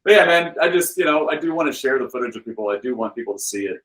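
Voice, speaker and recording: A man guest on a podcast, telling stories in a rambling, animated way with many "like"s and "you know"s. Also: medium pitch, rapid-fire, poor audio. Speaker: guest, film director and author. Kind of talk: casual podcast interview.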